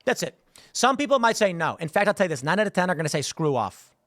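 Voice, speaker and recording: A man's voice: high voice, animated, racing, a bit bright, dry recording, studio quality. A man hosting his own show, giving rambling, emphatic opinion commentary and speaking straight to his listeners. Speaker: show host.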